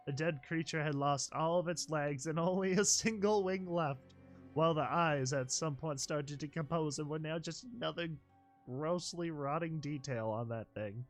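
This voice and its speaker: A man reading a fan fiction story aloud, animated, with joking commentary and chuckles. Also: fairly high pitch, moderate pace, faint music behind. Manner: animated, joking asides, laughs mid-line. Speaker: reader and commentator.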